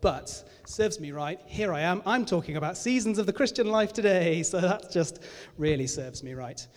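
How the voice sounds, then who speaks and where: A man's voice: high-pitched, animated, normal speed. Englishman preaching in an echoey church hall. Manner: candid, self-deprecating, conversational. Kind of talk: sermon.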